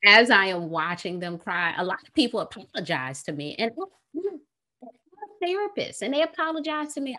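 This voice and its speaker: A woman therapist with an American accent, talking on a podcast, lively and laughing often as she acts out quoted phrases. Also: medium pitch, fairly quick. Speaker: therapist guest. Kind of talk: podcast conversation.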